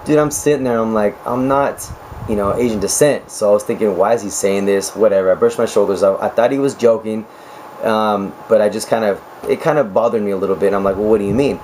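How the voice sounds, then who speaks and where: A man in his twenties, a nurse talking casually to camera with a raspy, hoarse voice, chatty and joking, with laughs between stories. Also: lowish voice, fast talker, darkish tone, a little hiss or hum, low-quality recording. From United States. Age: 20s. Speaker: nurse vlogger.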